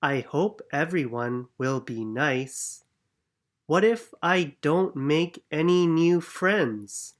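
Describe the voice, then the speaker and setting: A reader voicing an anxious young girl in a children's storybook, speaking gently and earnestly in a slightly raised voice. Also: medium pitch, slow pace, lightly acted. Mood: worried. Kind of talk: storybook reading.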